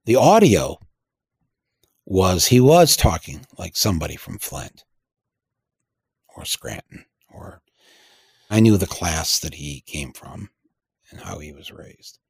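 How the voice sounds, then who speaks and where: A man's voice: sits low, big pitch swings, slow, vocal fry, long pauses, a little mellow, breathy edge, no echo, studio quality. A man telling a rambling, wry anecdote, full of fillers and restarts. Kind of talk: storytelling anecdote to an audience.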